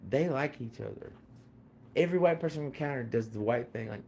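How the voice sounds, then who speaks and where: A man's voice: mid-range voice, quick pace, vocal fry, warm tone, a little hiss or hum. A man talking in a rambling casual monologue, full of fillers, restarts and repeated phrases.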